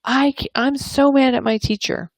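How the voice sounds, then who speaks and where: Woman doing a teenager, sulky, whiny, high-pitched, exasperated, dry close sound. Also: fairly even intonation, normal speed, no echo. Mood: upset, complaining. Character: sulky rude teenager snapping at a parent.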